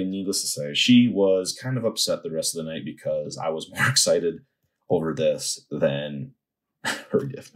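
A man casually telling a long story and then opening trading card packs, rambling and animated, with excited outbursts. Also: sits low.

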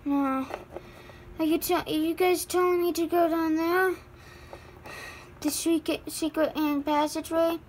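Woman, high voice, slow, amateur improvised voicing, stammers and sighs a lot. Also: steady tone, slight background noise. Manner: halting, stammering, with many fillers and sighs. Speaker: voice actor for a homemade life-sim movie.

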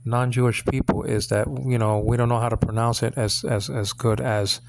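A man's voice: medium pitch, little pitch movement, moderate pace, gravelly, noisy background. An American man giving an informal lesson on biblical Hebrew, rambling with lots of fillers, restarts and self-corrections, and often checking in with his listeners. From United States. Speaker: Bible teacher. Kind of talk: informal teaching on Hebrew text.

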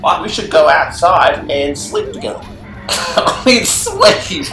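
A man co-hosting a gaming channel, joking and teasing over gameplay and breaking into sudden shouts. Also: on the high side, huge pitch swings, takes it slowly, creaky, roomy sound, loud music behind the voice, low-quality recording. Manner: goofy, teasing, bursts into shouts. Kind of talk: casual chat over gameplay.

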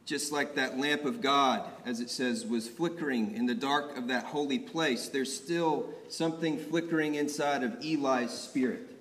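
A man's voice: medium pitch, normal speed, hardly any pauses, a bit bright. A young man preaching a sermon, telling the story in a vivid, conversational way. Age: young adult. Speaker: preacher at an ordination. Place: church sanctuary. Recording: long church reverb.

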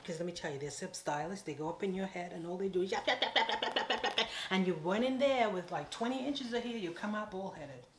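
A woman from an island, telling a casual storytime with playful, animated asides. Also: fairly low pitch, slight background noise. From Caribbean island. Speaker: vlogger. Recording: echoey room.

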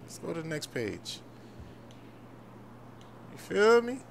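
A man's voice: on the high side, wildly swooping pitch, slow, vocal fry, a little hiss or hum. A man hosting a game role-play video, talking in frantic, slangy banter. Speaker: gaming video host.

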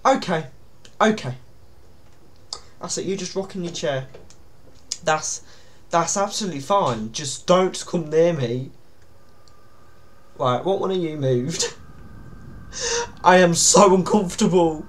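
A man's voice: a little high, slow pace, long pauses, slight background noise. Jittery young man gaming. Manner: panicky, pleading, yelps and nervous laughs. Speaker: gaming YouTuber. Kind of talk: horror game commentary.

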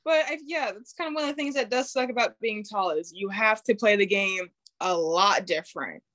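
A teenage girl, a high school basketball player, answering interview questions candidly and laughing as she acts out her thoughts on the court. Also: moderate pace, a bit bright, dry recording. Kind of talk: casual interview.

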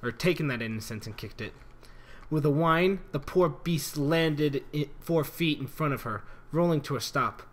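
A man's voice: a little high, moderate pace, few pauses. Man giving a stumbling dramatic reading. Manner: earnest, stumbling over words and rereading. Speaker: reader. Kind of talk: dramatic reading of fan fiction.

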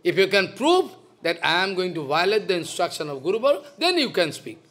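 A man's voice: high voice, very animated, a little fast, fairly bright tone. A man, a spiritual teacher giving a devotional lecture in a stern, scolding manner, repeating his points. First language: Bengali.

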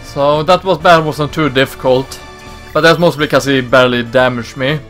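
A man hosting a let's play, giving relaxed, casual commentary with mumbled asides. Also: mid-range voice, normal speed, soft background music.

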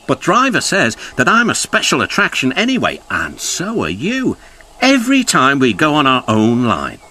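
A man voicing a cheerful, eager little male tram engine in a children's cartoon, speaking politely and brightly. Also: medium pitch, huge pitch swings, moderate pace, exaggerated voice. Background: background music.

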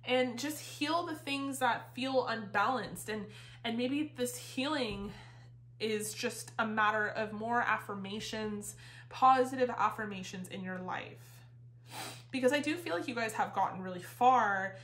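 A woman's voice: on the high side, a little slow, fairly bright tone. A woman giving a casual, rambling tarot reading, a little out of breath, with lots of fillers and the odd swear word. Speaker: tarot reader. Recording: roomy echo.

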